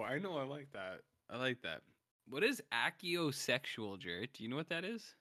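A man's voice: medium pitch, sing-song, moderate pace, bright, forceful tone, no echo, studio quality. A man co-hosting a casual comedic chat, wryly reading out reviews and teasing his co-host. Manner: wry, teasing, drifts into joke voices. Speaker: podcast co-host.

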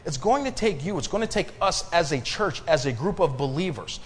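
A male pastor preaching a sermon to his congregation, building emphasis and pausing for responses. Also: on the high side, expressive, big-room sound. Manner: preaching with rising emphasis and call-and-response pauses. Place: church sanctuary.

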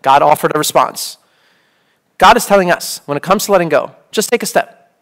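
A priest in his thirties gives a casual, conversational sermon, sprinkling in "like" and "okay?" throughout. His voice is a little high, animated and brisk, with a fairly bright tone.

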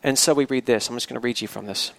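Male pastor preaching; conversational, middle-pitched, with asides. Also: quick pace, gravelly, a bit bright, dry recording. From rural area. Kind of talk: sermon.

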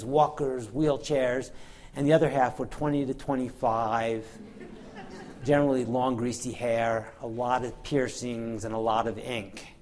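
A middle-aged man delivers a medical lecture in a mid-pitched, everyday voice. He talks candidly and wryly, leaning on fillers like "you know" and "um" and circling back to restart his phrases. His tone is that of an experienced clinician telling stories to an audience. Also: a little mellow, slight background noise. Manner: candid, wry storytelling with frequent fillers. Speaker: physician and pain researcher.

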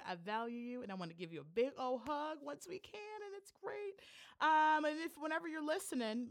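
A woman from Michigan hosting a casual podcast, bubbly and playful, laughing often. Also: high voice. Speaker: podcast host. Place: Chicago.

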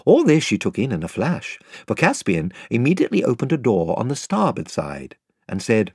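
An older man narrates a classic children's story with a very lively, expressive pitch. His voice is a little husky and sits in a middle register. The studio sound is close and completely dry. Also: normal speed, no room sound. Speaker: audiobook narrator. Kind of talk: scripted narration. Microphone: close studio mic.

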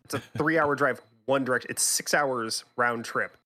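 A man's voice: mid-range voice, normal speed, sharp tone. Guy cohosting a gaming podcast, teasing, rambly, keeps restarting his sentences. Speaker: podcast co-host. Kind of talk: casual chat.

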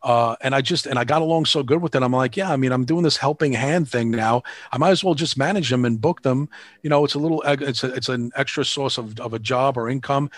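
A man's voice: medium pitch, fast talker, no room sound. A man, telling stories in a casual interview in a rambling, frank and profane way, acting out the people he quotes. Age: 50s. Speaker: band manager and promoter.

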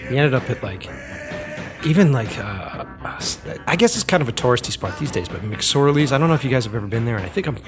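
A man casually telling a story in a chatty, animated way, laughing often and using many fillers. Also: mid-range voice.

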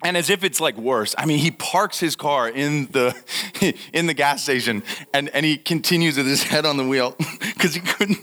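A young man telling a funny story in a talk, animated and laughing, acting out what people said. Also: fairly high pitch, moderate pace. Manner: animated, laughing, acts out quotes. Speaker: speaker giving a talk.

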